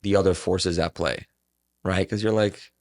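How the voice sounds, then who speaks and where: A man as a podcast guest, talking reflectively in a casual chat, with a lot of fillers and drawn-out phrases. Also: sits low, fairly even intonation, a little mellow.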